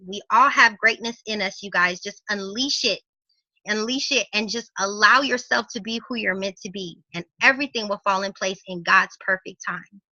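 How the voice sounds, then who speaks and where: Bright-voiced woman giving a motivational talk. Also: fairly high pitch, dry recording, lo-fi sound. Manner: earnest, uplifting, preacher-like. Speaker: guest speaker. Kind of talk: motivational testimonial.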